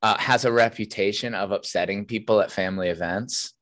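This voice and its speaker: A man's voice: lowish voice, brisk, fairly bright tone. Joking, profane male podcast co-host. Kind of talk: casual chat.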